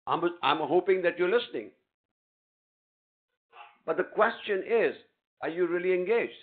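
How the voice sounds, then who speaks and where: A high-pitched male lecturer with a lively voice that swings widely, teasing and coaxing students in an interactive class. The sound is thin and tinny, like a phone line. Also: moderate pace. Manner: animated, teasing, coaxes students on stage. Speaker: guest lecturer. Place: lecture hall with a stage.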